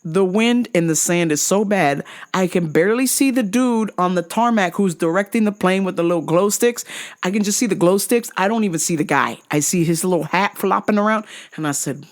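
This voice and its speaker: A woman telling a profane comic travel rant in an animated manner, jumping into high outbursts. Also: a little fast. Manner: animated, swearing, jumps into high-pitched outbursts. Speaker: vlogger.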